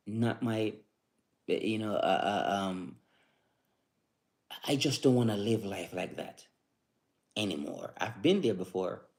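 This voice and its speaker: A man hosting a live stream, giving a casual motivational talk in a relaxed, rambling way, often repeating words and restarting sentences. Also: lowish voice.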